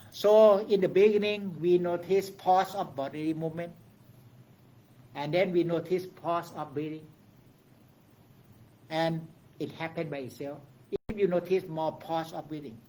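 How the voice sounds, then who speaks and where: A man teaching meditation to a group in a room, speaking in simple, halting English and often stopping to ask "okay?". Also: a little high.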